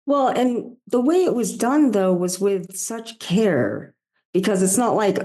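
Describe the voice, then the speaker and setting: A woman's voice: medium pitch, lively intonation, a little slow, dark tone. A woman speaking as a podcast guest in a supportive, playful conversational way. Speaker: podcast guest, plant medicine facilitator. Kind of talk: conversational interview chat.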